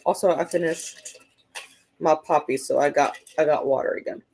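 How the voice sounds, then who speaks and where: A woman's voice: sits low, moderate pace, darkish tone, slightly rough. A woman hosting a casual livestream, chatting and reading viewer comments aloud, with lots of "like" and "um" fillers. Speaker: livestream host. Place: at home at her computer.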